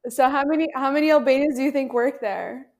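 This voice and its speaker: A woman's voice: high-pitched, fast. A woman co-host in a casual interview, curious and asking follow-up questions.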